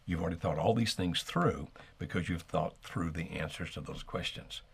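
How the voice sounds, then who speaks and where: A middle-aged man co-hosting an advice talk, speaking in a measured, steady way and modeling calm phrasing. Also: sits low, creaky, husky. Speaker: co-host giving relationship advice.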